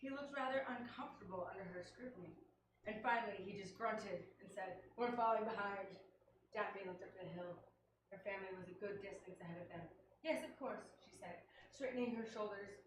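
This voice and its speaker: A comedian reading a romance novel aloud in a put-on English accent, playful and giggly. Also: female voice, medium pitch, brisk, distant mic. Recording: echoey theater sound, noisy.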